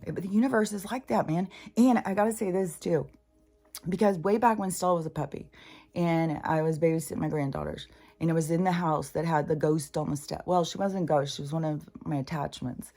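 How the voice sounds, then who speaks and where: Older woman, low voice, rambling and profane. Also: fairly quick, warm tone. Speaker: spiritual channeler. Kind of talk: casual monologue.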